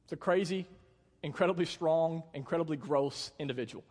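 A man's voice: a little high, a little fast, a little mellow, husky. A young man preaching a sermon in a church, telling the story in a casual, joking way and acting out the quotes. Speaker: pastor. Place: church hall. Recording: long hall reverb.

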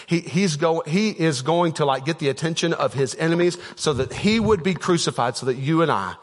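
A man's voice: a little high, animated, a little fast. A man preaching a casual, conversational sermon as a pastor, telling a story with many fillers and restarts. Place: church auditorium. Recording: long church-hall reverb.

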